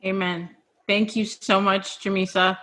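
A woman hosts a virtual celebration over a video call. Her voice sits at an ordinary middle pitch. She gushes over her guests and keeps nearly crying. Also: little pitch movement, unhurried. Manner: effusive, tearful, warm affirmations. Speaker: podcast host. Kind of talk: emotional virtual event hosting.

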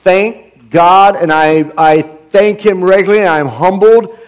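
A man's voice: sits high, a little slow, smooth. A middle-aged man pastor preaching a sermon with emphasis, stumbling over restarts and asking the congregation for amens.

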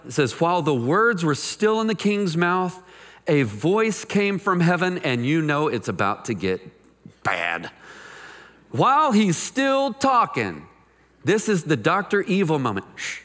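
A man preaching a sermon, animated and conversational, reading scripture aloud and adding jokes and asides. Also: on the high side, a little slow, in a large hall. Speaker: pastor.

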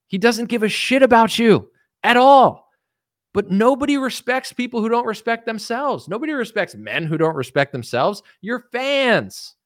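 A man's voice: extremely high pitch, a bit bright, no room sound, studio quality. A man giving rambling, sarcastic political commentary in a solo vlog, full of "it's like" and mocking quotes.

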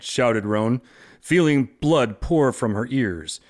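Brief: podcast co-host, slow and expressive story reader. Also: male voice, mid-range voice. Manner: deliberate, expressive reading. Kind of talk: reading a story aloud.

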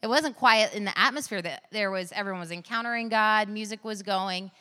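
A woman in her thirties gives an earnest sermon full of personal stories. Her voice is bright and forward. It rings with the long reverb of a large hall. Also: mid-range voice, fairly quick. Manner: earnest, storytelling, laughs at her own stories. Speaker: preacher.

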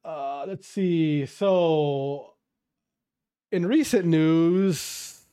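A man ranting to his viewers about amateur esports players in a profane, fired-up way, then calmly going over the latest news. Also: fairly high pitch, drawn-out words, smooth, no room sound, studio quality. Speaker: esports commentary streamer. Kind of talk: casual rant and news rundown.

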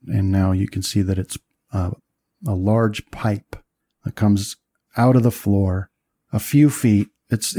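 A man narrating as game master, describing scenes with many pauses and fillers. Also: on the low side, mellow, no echo.

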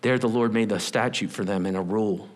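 A man preaching a sermon as a pastor, animated and humorous, acting out scenes as he goes. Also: on the low side, fairly quick.

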